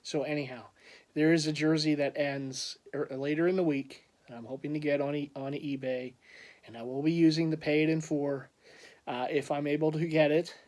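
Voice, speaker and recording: A man's voice: on the high side, steady tone, normal speed, darkish tone. A man chatting casually in a vlog, telling a rambling story with frequent laughs and restarts. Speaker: collector vlogger.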